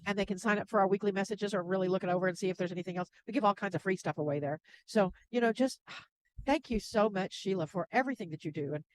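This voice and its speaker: A woman guest who works as a spiritual channel, speaking gently and laughing softly between thoughts. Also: mid-range voice, fast talker, slight background noise, low-quality recording. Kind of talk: casual interview chat.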